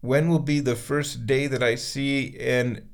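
A man sits in a bathtub in his bathroom, chatting away to his cat in a loose, rambling monologue. His voice has a gravelly fry to it, and his tone turns playful and doting whenever he talks to the animal. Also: mid-range voice, fairly even intonation, measured pace.

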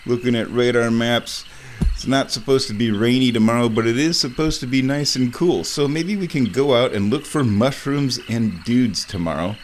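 A man's voice: mid-range voice, normal speed, slight background noise. A man hosting a casual vlog, making tea in his kitchen and talking playfully to himself as he goes. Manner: playful, talks to himself while working, hums. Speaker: vlog host. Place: house, kitchen indoors.

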